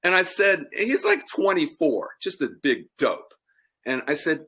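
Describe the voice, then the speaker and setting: A man's voice: fairly high pitch, huge pitch swings, a little slow, a bit bright, breathy edge. A middle-aged man co-hosting a podcast, telling a long anecdote in casual chat and laughing at his own story. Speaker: podcast co-host.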